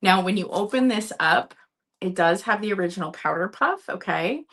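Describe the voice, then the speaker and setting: A woman's voice: mid-range voice, lively intonation, moderate pace, fairly bright tone. A woman from Minnesota hosting a live vintage sale, chatting casually, laughing often and talking to her cat. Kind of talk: live-stream selling chat.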